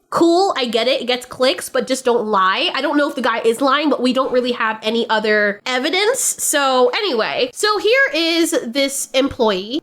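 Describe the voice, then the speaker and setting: A woman with a high voice gives reaction commentary. Her pitch swings widely as she rants in an animated way. She swears and laughs freely. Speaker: reaction video host.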